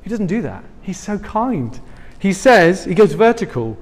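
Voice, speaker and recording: A man preaching a sermon, animated and emphatic, swinging between loud and hushed. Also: high-pitched, unhurried. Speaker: pastor. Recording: long hall reverb.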